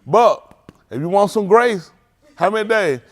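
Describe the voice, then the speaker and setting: A playful pastor with a high, bouncing voice, ribbing his young congregants by name. He swoops way up when he jokes or mock-sings and drops low and quiet when he turns serious. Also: unhurried. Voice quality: high lively voice that leaps up in mock singing. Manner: playful teasing, calls out names, Southern Black vernacular phrasing. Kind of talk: informal sermon with youth check-ins. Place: congregation hall.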